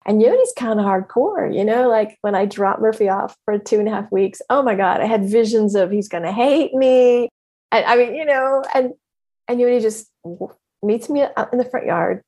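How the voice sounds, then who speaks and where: A woman coach giving a motivational talk in an emphatic, animated way, laughing often. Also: a little high, moderate pace.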